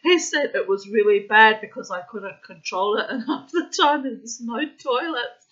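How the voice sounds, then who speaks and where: A woman's voice: sits high, animated, moderate pace, a bit bright, lo-fi sound. A woman telling a story casually, laughing often, swearing freely and acting out the people she quotes.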